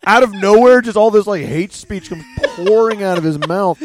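A man co-hosting a podcast, animated and quick to laugh in casual film-review chat. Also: high voice, background noise. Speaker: podcast co-host.

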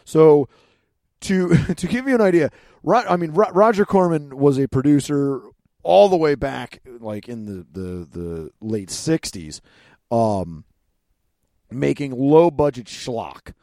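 A man's voice: medium pitch, expressive, takes it slowly, warm tone, no room sound, studio quality. A man chatting casually as a podcast co-host, telling stories with frequent laughs, fillers and restarts. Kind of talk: casual chat.

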